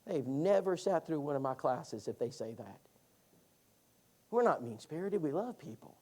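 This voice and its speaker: Preacher guy telling a story in class, voice swings all over the place. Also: normal speed. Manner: animated storytelling with lively pitch swings. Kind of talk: sermon class.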